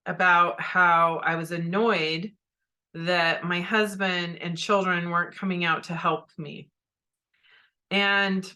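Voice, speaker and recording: With a fairly low, sharp-toned voice, this middle-aged woman is a podcast host who opens up candidly about something from her own life. Afterward she addresses her audience head-on, coaching them directly.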